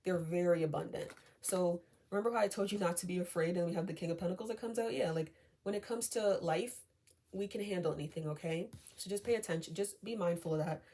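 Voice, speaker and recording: Soft-spoken woman doing a chatty tarot reading. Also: lowish voice, quick pace. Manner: chatty, many fillers, often asks okay?; reassuring and calming. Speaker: tarot reader. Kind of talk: casual tarot reading to viewers.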